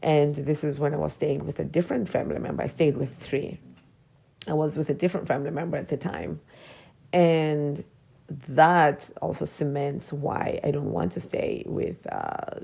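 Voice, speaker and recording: A woman in her forties speaks alone on her podcast, reflecting on personal memories in halting, searching sentences. Her voice sits low and dark with a gravelly fry. Now and then she drops into a near whisper. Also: fairly even intonation. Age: 40s. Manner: hesitant, drops into whispers when emotional. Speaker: podcast host.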